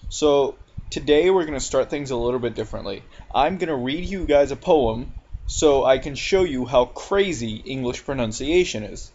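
A man teaching English pronunciation in a recorded lecture, speaking deliberately and drawing out each example word. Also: mid-range voice, animated, darkish tone, a little hiss or hum. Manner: slow, deliberate, drawn-out example words. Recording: slightly dull lo-fi recording.

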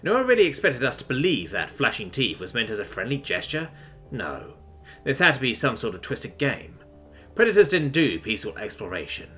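A man's voice: medium pitch, sing-song, moderate pace, sharp tone, faint music behind. A man narrating a sci-fi story in a tense, dramatic reading.

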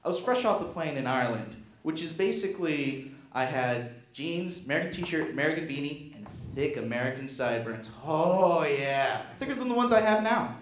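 A young stand-up comic performs a self-mocking set on a small theater stage, his voice on the high side at a normal speed. He's animated and jumps into silly voices, with roomy stage sound around him.

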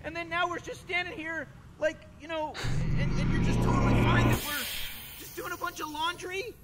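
Whiny stammering teen boy in a game, very high-pitched. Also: steady tone, moderate pace, heavy background noise. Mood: exasperated. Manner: stuttering, whiny, repeats words. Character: anxious stammering teenage boy sidekick. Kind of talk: video game character dialogue.

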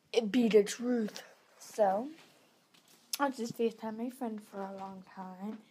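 A woman's voice: mid-range voice, darkish tone. Rambling teenage girl vlogging at night. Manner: rambling, filler-heavy, drifting into half-whispers. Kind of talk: casual nighttime vlog. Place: at home at night.

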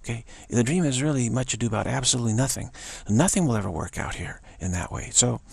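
A man giving an earnest spiritual talk as a teacher, halting and often repeating words. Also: mid-range voice, expressive, gravelly, breathy edge, no room sound.

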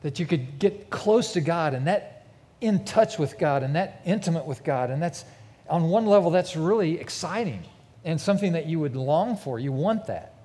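A man's voice: on the high side, animated, normal speed, dark tone. A man preaching a sermon in a large church with a mezzanine, telling a vivid, emphatic story to his congregation. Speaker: pastor. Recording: long reverb of a big church hall.

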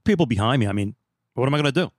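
A male podcast host telling a story in a casual, animated way, acting out the dialogue and laughing often. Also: medium pitch, rapid-fire, no room sound, studio quality.

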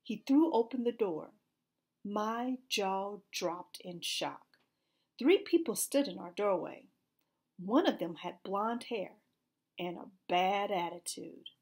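Storybook reader, woman, lively pitch, slightly husky. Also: slow pace. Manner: expressive, animated reading. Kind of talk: storybook read-aloud.

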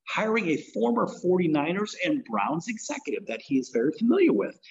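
Male sports radio host, blunt and mocking, pitch that swings all over, muffled lo-fi sound. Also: sing-song, fairly quick, creaky. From lives in Las Vegas. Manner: blunt, ranting, sarcastic. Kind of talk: opinionated sports radio monologue. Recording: dull lo-fi audio.

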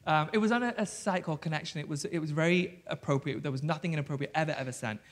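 A man in his thirties with a Yorkshire accent, an animated and cheeky storyteller who talks on stage with lots of fillers. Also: a little high, rapid-fire. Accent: English Yorkshire. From England. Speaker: guest author. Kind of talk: live stage conversation. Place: theatre stage before an audience.

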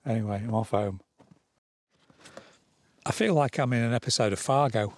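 A man's voice: mid-range voice, moderate pace, a little mellow. A man co-hosting a vlog outdoors in the snow, joking and laughing as he talks. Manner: jokey, laughs often, restarts sentences. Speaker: vlog co-host. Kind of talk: casual outdoor chat.

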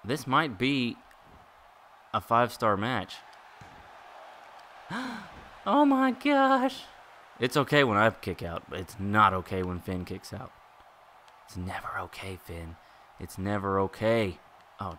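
Excitable man commentating gameplay. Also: lowish voice, slight background noise. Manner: excitable, exclaiming and groaning at the game. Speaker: gaming YouTuber.

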